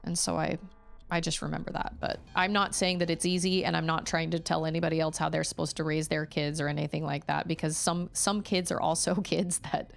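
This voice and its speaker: A woman's voice: sits low, level tone, a little fast, gravelly. A woman in her thirties, a streamer and mother, chatting candidly and at length while she plays, acting out the voices she quotes. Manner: candid, rambling, acts out quotes. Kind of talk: casual chat while gaming.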